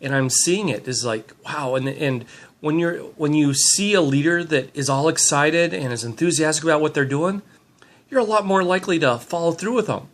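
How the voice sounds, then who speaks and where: A man's voice: fairly high pitch, normal speed. A middle-aged man filming himself on a handheld camera, giving an upbeat, rambling motivational talk with many fillers. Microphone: handheld camera mic.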